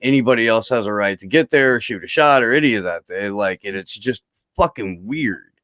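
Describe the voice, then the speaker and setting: A man's voice: fairly low pitch, animated, fairly quick, a bit bright, dry recording. A man chats casually as a podcast guest, spinning a long story. His talk is rambling and profane, full of fillers and restarts. The sound is dry and close.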